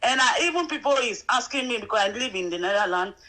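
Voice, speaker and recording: A woman phoning in to a show talks earnestly and emotionally, and she circles back over her points. Her voice sits high and sounds bright and forward. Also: animated, quick pace, poor audio. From Nigeria. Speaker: caller. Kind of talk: call-in chat.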